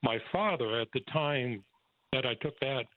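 A man's voice: medium pitch, moderate pace, no echo. A man as an interview guest, telling personal stories and chuckling often. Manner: warm storyteller who chuckles often. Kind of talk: personal storytelling. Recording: tinny phone-like line, dry.

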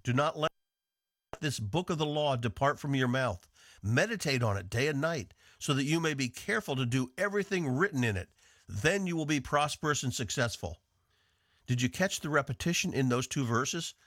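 A man's voice: mid-range voice, animated, a bit bright, dry recording, studio quality. Earnest male radio Bible teacher. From northeastern United States. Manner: earnest, measured teaching with emphatic quotes.

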